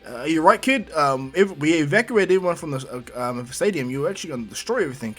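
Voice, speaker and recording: A man voicing a gruff middle-aged male hero, speaking loudly with hesitations. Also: fairly high pitch, lively intonation, quick pace, soft background music. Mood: reporting.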